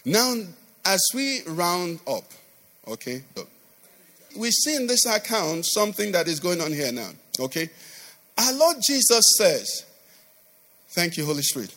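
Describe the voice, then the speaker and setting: With a high, bright, forceful voice, a male pastor preaches a little slowly in a sing-song manner, pausing often. His sermon, recorded in a reverberant church hall, is full of sing-song emphasis and constant call-and-response questions for the congregation.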